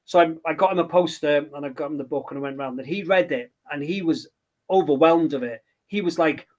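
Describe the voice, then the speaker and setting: A man's voice: on the high side, fairly quick, darkish tone. A middle-aged man, a children's book author chatting in an interview, rambling and hesitant with many restarts. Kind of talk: casual interview chat.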